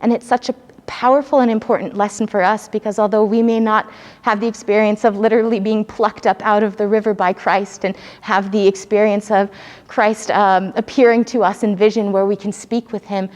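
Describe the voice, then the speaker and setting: A woman's voice: mid-range voice, flat delivery, brisk, darkish tone. A woman telling a story during a spiritual talk, earnest and searching for words as she speaks. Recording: long hall reverb.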